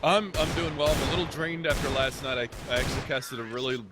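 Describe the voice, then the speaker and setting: Energetic American esports caster. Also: male voice, medium pitch, loud music behind the voice. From United States. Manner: energetic, teasing, quick banter. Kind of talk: live esports commentary.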